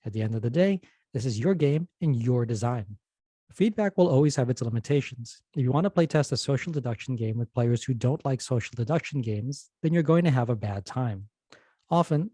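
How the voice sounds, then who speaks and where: Mellow-voiced man hosting a lesson podcast. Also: medium pitch, no echo. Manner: steady, instructive delivery. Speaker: podcast host. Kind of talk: scripted educational narration.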